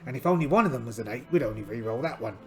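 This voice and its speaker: A man's voice: medium pitch, expressive, racing, fairly bright tone. A man playing a solo tabletop game in a hammy pirate voice, chatty and joking at himself. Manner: chatty, self-mocking, hammy pirate talk. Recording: light music underneath.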